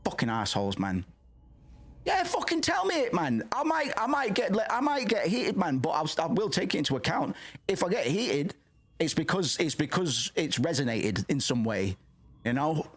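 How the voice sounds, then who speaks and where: Brief: male streamer, casual and profane, loud and passionate, lively pitch that swings up and down. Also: moderate pace, slightly rough. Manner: rambling, profane, says "man" a lot. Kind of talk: casual livestream chat.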